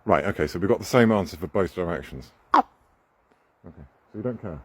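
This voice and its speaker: A man's voice: sits low, expressive, a little fast, a bit bright, breathy edge, no room sound. A man outdoors on a walk, playfully coaxing and chatting with his pet raven. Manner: coaxing, playful, talks to the bird.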